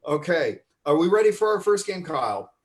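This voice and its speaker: With his mouth full of marshmallow, a man hosts an online improv comedy show over a video call, introducing the cast. His fairly high voice swings widely in pitch, and his fairly quick livestream banter rambles and is full of fillers.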